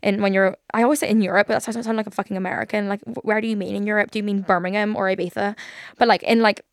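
A young woman, hosting a podcast and telling a story in a casual, sweary, excitable way, full of fillers. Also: medium pitch, rapid-fire, no echo, clean studio sound. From Northern Ireland. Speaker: podcast host.

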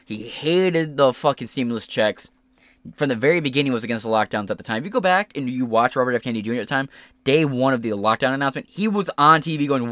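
A man hosting a podcast, giving casual commentary in swearing, animated rants. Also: mid-range voice, fast, no echo. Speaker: podcast host.

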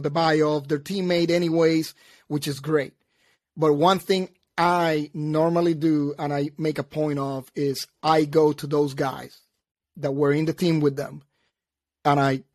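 A man's voice: fairly high pitch, dry recording, studio quality. A man hosting a casual conversation, earnest and repeating himself for emphasis.

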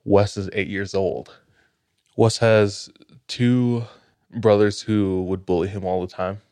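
A man with a very low voice tells a creepy story at a slow, even pace. His delivery is measured and builds suspense. The recording is dry and close. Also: clear, resonant tone, dry recording. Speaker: podcast host, storyteller. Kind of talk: casual storytelling.

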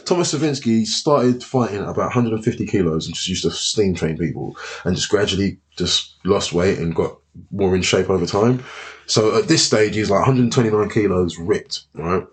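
A fighter sits in for a loose, casual chat. His voice sits low, and he tells his stories in an animated, sweary way, laughing as he goes. He acts out the people in them as he talks. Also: normal speed. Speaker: MMA fighter guest.

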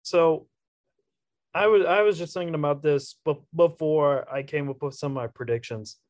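Relaxed male podcast co-host, slightly raised pitch, dry recording, reads out predictions. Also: moderate pace, dry recording. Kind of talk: casual sports podcast chat.

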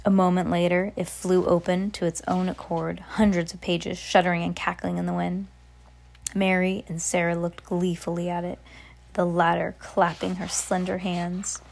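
A woman's voice: lowish voice, flat delivery, normal speed, vocal fry, darkish tone. A woman reading a storybook aloud, stumbling and restarting now and then. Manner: unpolished, frequent restarts. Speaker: reader.

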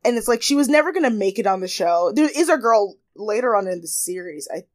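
A young woman chats loosely with a co-host, animated and quick to laugh. She slips into exaggerated voices when she quotes people. The sound is dry and close, with no room around it. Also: medium pitch, dry recording. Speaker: podcast co-host. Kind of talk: casual chat.

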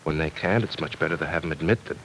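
A man's voice: rumbling low, fast, fairly bright tone, rough recording. An actor playing an easygoing young man in a 1940s radio drama, reassuring and joking by turns. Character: easygoing, teasing young man, her former fiancé. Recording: old radio recording with faint hiss.

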